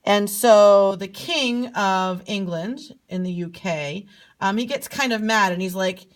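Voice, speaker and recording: A woman's voice: medium pitch, slow. Lady teacher doing a silly map story, sing-songy and bouncy. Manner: playful, sing-song, lively storyteller. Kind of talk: storytelling geography lesson.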